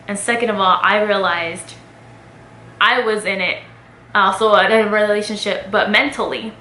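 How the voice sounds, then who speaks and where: A young woman vlogger chats openly to her audience about something that happened to her, using lots of fillers. Her mid-range voice is pushed and bright, with fairly even intonation at a moderate pace; the echoey room carries faint noise.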